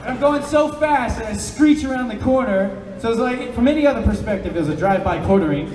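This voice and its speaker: A man telling a comic story to a live audience as a panel guest, animated and drawing out dramatic pauses. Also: very high voice, far from the mic, over a noisy crowd. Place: large event hall with an audience. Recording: roomy hall echo, voice off-mic, faint noise.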